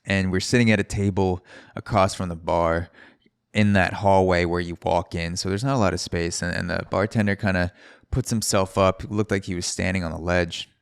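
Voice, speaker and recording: A male podcast host tells a loose, meandering story, often restarting his sentences and dropping the odd swear word. His voice sits very low. The sound is dry and close, with no room around it. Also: steady tone, normal speed, creaky, clear, resonant tone, no room sound. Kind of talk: casual storytelling.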